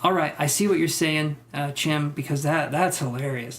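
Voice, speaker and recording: A man giving psychic tarot readings on a live stream. He talks in a tentative, musing way, thinks out loud with many fillers, and reassures his viewers. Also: a little high, normal speed, a little hiss or hum. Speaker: tarot reader.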